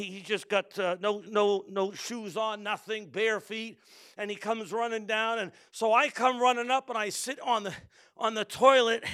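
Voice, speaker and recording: High-voiced preaching man, smooth tone. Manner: animated storytelling, calls congregation to respond. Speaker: pastor. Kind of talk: sermon with personal story.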